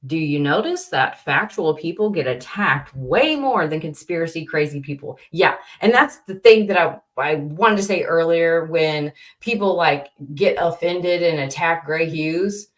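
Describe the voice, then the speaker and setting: A young adult woman chats on her livestream at a slow, drawn-out pace. Her voice sits slightly low, and she sounds fed up, circling through fillers and half-finished sentences as she answers her viewers. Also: lively intonation. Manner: exasperated, rambling, many "like"s and restarts. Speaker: livestream host. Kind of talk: casual livestream chat, reading chat.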